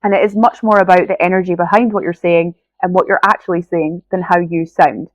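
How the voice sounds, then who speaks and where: A woman's voice: fairly low pitch, fairly even intonation, brisk, dry recording, muffled recording. A Scottish woman talks straight to her listeners in an earnest, encouraging podcast monologue, often checking in with "right?". Her voice is stuffy and nasal from a cold. The recording is close and dry, with no room sound. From Scotland. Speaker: podcast host.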